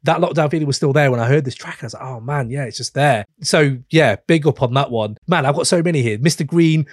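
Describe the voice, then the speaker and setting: A man's voice: fairly high pitch, fast, dry recording, studio quality. A man hosting an interview, speaking with enthusiastic, fan-like praise. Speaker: podcast host. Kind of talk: casual interview chat.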